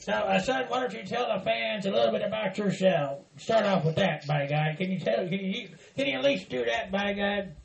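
A man hosts a casual podcast in a rambling, teasing hillbilly persona. His voice sits high for a man and has a gravelly edge. The recording is roomy and echoey, with faint music underneath. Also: normal speed, few pauses, slight background noise. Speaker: podcast host.

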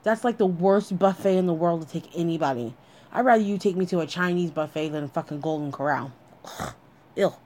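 A woman with a slightly low voice tells a personal story straight to the listener. She is blunt and candid and swears freely, in an unpolished storytelling monologue. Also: a little fast, darkish tone.

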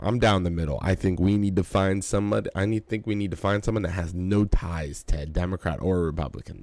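A man's voice: low voice, vocal fry, a little mellow, no room sound. A young adult man hosting his podcast, tired and yawning, rambling casually with fillers and swearing. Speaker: podcast host. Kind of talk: casual early-morning monologue.

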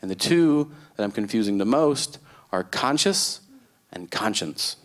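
A man performing a stand-up comedy set on a festival stage, exasperated and breaking into high, shouted outbursts. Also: sing-song, a little slow.

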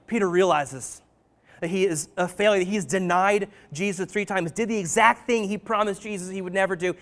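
A man's voice: sits high, a bit bright. A man preaching a casual sermon, retelling stories conversationally with many "um"s, "like"s and "right?"s. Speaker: pastor.

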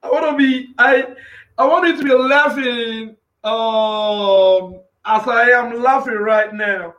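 A man preaching on a live stream in an excitable, repetitive way, often asking "you know what I'm saying". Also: very high-pitched, slow, lo-fi sound. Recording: echoey room sound.

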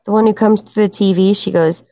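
A tired, hoarse woman hosting a casual livestream and chatting with her viewers. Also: medium pitch, fairly even intonation, brisk, noisy background. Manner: chatty, addresses viewers in chat. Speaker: livestream host.

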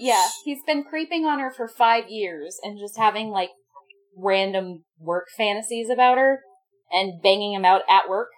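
A woman's voice: medium pitch, moderate pace, low-quality recording. A woman co-hosting a podcast, chatting bluntly about a romance book and laughing with friends. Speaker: podcast co-host. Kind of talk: casual book chat.

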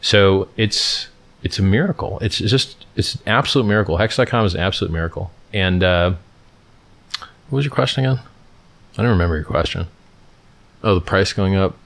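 A man's voice: low voice, brisk, gravelly, long pauses, fairly bright tone. A man from California hosting a casual livestream and answering viewer questions, talking emphatically, repeating his points and restarting sentences. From Stockton, California, USA.

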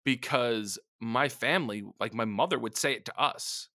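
A man's voice: mid-range voice, moderate pace, bright, forceful tone, dry recording, clean studio sound. A man hosting a podcast, chatting crudely and laughing, often acting out voices of other people. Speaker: podcast host. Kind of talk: casual comedic chat.

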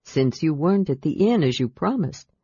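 A woman reading an audiobook, voicing a tender, pleading man in a soft, gentle tone. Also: expressive, normal speed, husky, dry recording, heavily acted. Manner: soft, gentle, low delivery. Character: human half-elf man, tender, pleading, sorrowful. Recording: dull, dry lo-fi audiobook recording.

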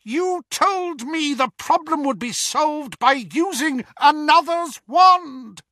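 A man voicing a cruel dark wizard, screaming in fury. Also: very high-pitched, lively intonation, slow, no room sound, clean studio sound, pitched above the performer's own voice, exaggerated voice. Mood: furious.

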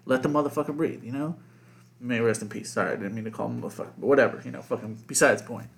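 A man's voice: medium pitch, very fast, creaky. A man co-hosting a casual podcast chat, rambling with lots of fillers and constant swearing. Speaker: podcast co-host.

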